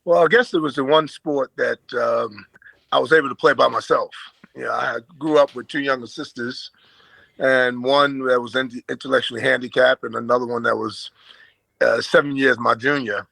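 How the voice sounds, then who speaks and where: An older former basketball player from Brooklyn, New York, appears as an interview guest and tells stories casually, his American accent carrying a slight Australian twang. His gravelly but bright, medium-pitched voice is fairly even in intonation at a normal speed, easygoing and chatty with fillers and chuckles. The close, dry recording has no room sound and poor audio quality.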